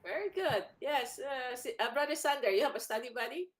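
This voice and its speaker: A woman hosting a church children's program, encouraging and quick to laugh, with frequent restarts. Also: sits high, lively intonation. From United States. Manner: speaks haltingly, restarting words. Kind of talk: casual teaching chat over a call.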